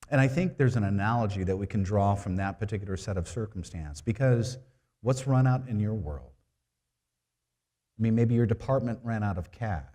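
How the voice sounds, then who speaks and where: A man's voice: lowish voice, darkish tone. Conversational male preacher. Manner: conversational, rhetorical questions. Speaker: preaching minister. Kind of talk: sermon.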